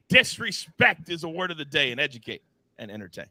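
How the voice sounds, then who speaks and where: A man hosting a live sports betting show, teasing his co-hosts and reading chat in a playful, animated way. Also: a little high, normal speed, long pauses, no echo. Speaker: host.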